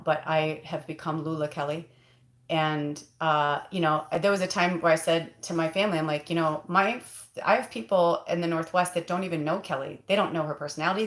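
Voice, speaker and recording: This is a woman with a slightly low voice, hosting a casual livestream as a spiritual medium. She rambles in a heartfelt way, full of fillers and asides. Her voice rings out in an echoey room. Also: steady tone, fairly quick.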